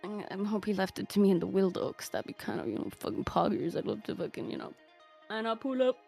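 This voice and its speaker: A woman's voice: mid-range voice, expressive, fast talker, creaky, a little mellow, faint music behind. An Irish woman from Ireland giving a joking eulogy on a stream over a voice call, swearing a lot and breaking into laughter. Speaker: guest speaker. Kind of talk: mock eulogy, casual stream chat. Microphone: voice call from home.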